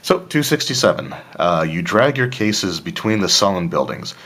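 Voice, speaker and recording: A man with a very deep voice reads a solo tabletop horror gamebook aloud. He reads the choices and narration and drops in casual, joking asides. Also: lively intonation, normal speed, fairly bright tone. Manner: casual, with asides and throat-clearing. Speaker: player of a solo tabletop adventure.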